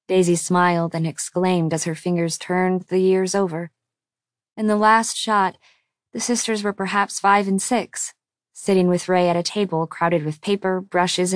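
A woman narrating an audiobook in a calm, even storytelling voice. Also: on the low side, dry recording, studio quality.

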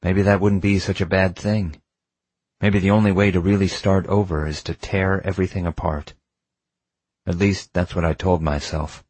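Man, audiobook narrator, first-person, measured intimate reading, deep voice, dry. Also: level tone, darkish tone, breathy edge, no room sound.

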